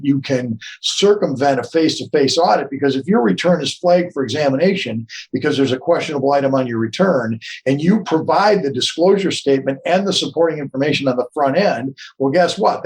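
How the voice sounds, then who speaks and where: A man's voice: a little high, a little mellow, rough recording. A man as an interview guest, earnest and explaining things step by step. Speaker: tax expert guest.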